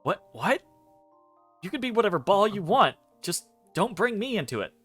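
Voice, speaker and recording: A man voicing a tense, blunt dream guide who talks quickly and sounds edgy. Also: high voice, big pitch swings, a bit bright, husky, faint music behind, pitched above the performer's own voice, heavily acted. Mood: impatient. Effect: meant to sound muffled.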